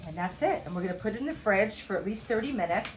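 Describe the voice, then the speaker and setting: A woman's voice: medium pitch, expressive, quick pace, faint music behind. A middle-aged woman chef giving a casual home cooking demonstration, chatty and rambling, full of asides. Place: home kitchen.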